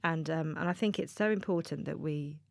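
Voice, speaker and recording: Woman podcast host, lowish voice, fry in it, dry close recording, reflective. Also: fairly quick, dry recording. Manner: reflective, builds long thoughtful points. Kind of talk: empathetic interview conversation.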